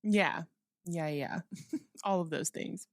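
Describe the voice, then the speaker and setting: A woman's voice: on the low side, slow, no room sound, clean studio sound. A woman co-hosting a podcast, chatting casually about a film in an easygoing, rambling way. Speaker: podcast co-host. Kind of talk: casual movie review chat.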